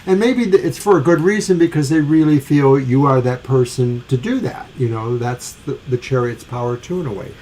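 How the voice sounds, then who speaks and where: A man's voice: medium pitch, fairly quick, hardly any pauses, mellow, rough recording. A man co-hosting a live tarot show, chatty and rambling, often correcting himself mid-sentence. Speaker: tarot reader co-host. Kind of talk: casual live tarot reading.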